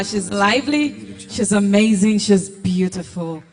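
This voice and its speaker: A man's voice: high-pitched, normal speed, soft background music. A man as master of ceremonies at an award night, upbeat and playful as he hypes the crowd. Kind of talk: event hosting.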